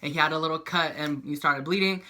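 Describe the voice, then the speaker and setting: A young man casually recapping a soap opera, animated and profane, acting out the characters' lines. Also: fairly high pitch, quick pace, noisy background.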